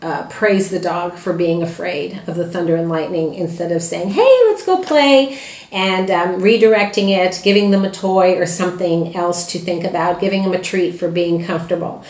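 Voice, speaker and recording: Low-voiced woman, plainspoken dog trainer. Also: flat delivery, moderate pace, few pauses, a little mellow, reverberant. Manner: plainspoken, many "uh" fillers and restarts. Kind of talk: informal talk to puppy owners.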